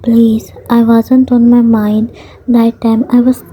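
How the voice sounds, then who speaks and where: A woman's voice: fairly high pitch, flat delivery, slow pace, mellow, a little hiss or hum, rough recording. A woman reading a tearful pleading young mother.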